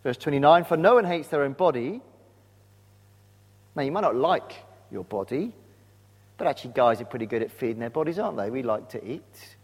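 A man's voice: mid-range voice, animated, fairly quick, long pauses. A man preaching a sermon, speaking earnestly and putting direct questions to his congregation. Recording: long reverb of a large hall.

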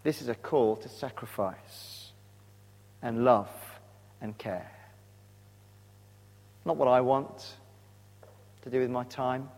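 A man's voice: mid-range voice, a little mellow. A man preaching a sermon, speaking earnestly and putting direct questions to his congregation. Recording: long reverb of a large hall.

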